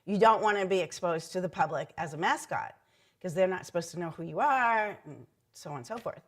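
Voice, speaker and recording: A woman's voice: on the low side, lively intonation, fairly quick. Chatty middle-aged woman telling stories. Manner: chatty anecdotal telling with many ums and likes. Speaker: former hockey team mascot. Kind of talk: oral history interview storytelling.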